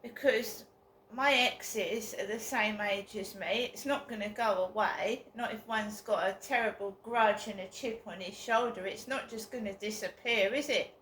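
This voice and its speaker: A woman's voice: mid-range voice, a little slow, a bit bright, roomy sound, a little hiss or hum. A woman venting bitterly and emotionally in a personal vlog monologue. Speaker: vlogger.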